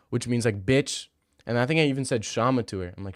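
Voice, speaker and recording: A man's voice: medium pitch, quick pace, no room sound, studio quality. Crude, joking young male streamer. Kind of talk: casual livestream chat, answering viewer messages.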